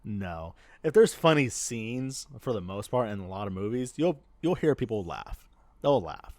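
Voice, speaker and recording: Here a male co-host tells stories on a podcast in a slightly mellow, lowish voice whose pitch swings widely, moving at a moderate pace. He wanders through his tales, laughing often and starting over frequently, captured in a dry recording.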